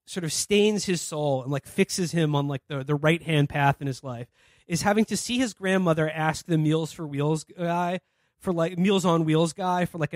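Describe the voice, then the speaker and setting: Laughing and cursing freely, a comedy podcast co-host acts out the people in stories he retells, in a casual style. His voice sits on the high side, captured in clean studio sound with no room sound.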